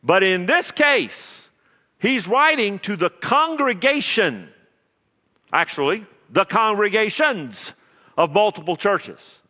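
A man preaching a sermon as pastor, swinging between loud emphasis and quiet asides. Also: high voice, in a large hall.

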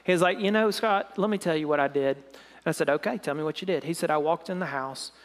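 Man preaching a story in a reverberant hall. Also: a little fast. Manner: dramatic retelling, voice drops soft and low at emotional moments. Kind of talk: sermon storytelling.

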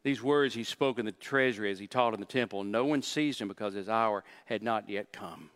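A man preaching a sermon, walking through scripture verse by verse with emphatic delivery and quick stammered restarts. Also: fairly low pitch, a bit bright. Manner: rising and falling intensity, with short stammered restarts. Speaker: pastor.

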